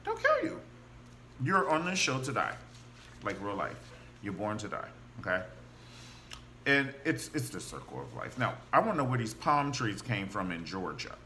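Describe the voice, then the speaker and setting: A man's voice: fairly low pitch, moderate pace. Gossipy guy recapping his show, voice bouncing all over, bit of hiss behind him. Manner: animated and gossipy, acts out quotes of characters. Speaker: TV show reviewer. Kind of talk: casual recap and commentary.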